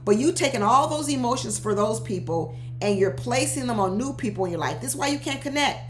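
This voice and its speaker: Lively woman recapping reality TV. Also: a little high, fairly quick, roomy sound, slight background noise. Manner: animated, laughing, talks straight to cast members. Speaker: reality show recap host. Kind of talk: casual commentary.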